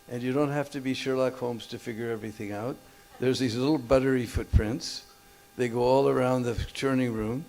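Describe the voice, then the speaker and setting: A man's voice: mid-range voice, a little mellow. A man preaching in a temple hall, telling a story and checking with his listeners with short questions and chuckles. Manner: keeps checking listeners with short "hmm?" and "huh?", chuckles often. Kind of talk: storytelling sermon.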